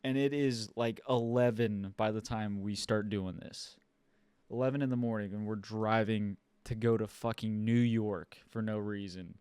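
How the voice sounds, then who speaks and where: This young man from Ohio has a smooth, resonant voice and tells a story with plenty of swearing and exasperation. He is recorded close and dry, with no room sound. The talk is a casual podcast chat. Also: lowish voice, moderate pace, dry recording. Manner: swears a lot, animated and exasperated. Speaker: podcast co-host.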